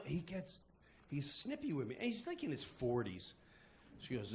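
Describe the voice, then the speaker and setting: Animated man telling comic stories. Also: fairly high pitch, normal speed, slight background noise. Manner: animated, laughs into his lines. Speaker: storyteller. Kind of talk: casual comic storytelling.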